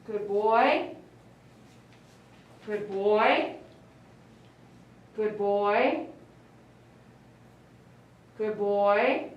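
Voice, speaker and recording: A woman's voice: medium pitch, drawn-out words, long pauses, lo-fi sound. A woman grooming a dog on a live stream, cooing and praising it in baby talk, recorded in a grooming salon. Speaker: dog groomer and channel host. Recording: echoey room, mic some distance away.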